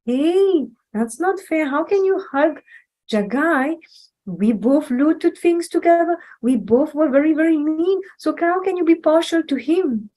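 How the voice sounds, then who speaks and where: A woman's voice: high voice, lively intonation, a little slow, dark tone, voice pushed up, low-quality recording. A woman voicing an indignant young male thug who complains that things are not fair, in a children's story. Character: sulky mean young male thug, whining.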